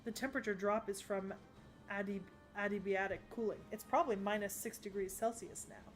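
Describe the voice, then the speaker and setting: A man's voice: high-pitched, fairly even intonation, a little fast, a bit bright, soft background music. A man voicing an anxious young doctor rattling off technical readings with urgency, in an English anime dub. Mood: urgent. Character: anxious young male doctor giving readings over comms.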